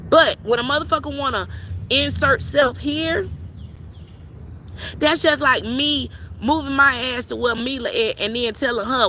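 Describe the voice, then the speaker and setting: A woman's voice: fairly high pitch, moderate pace. A woman tarot reader, talking bluntly and profanely in a casual vlog rant, recorded outdoors in a cemetery. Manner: blunt, profane, animated storytelling.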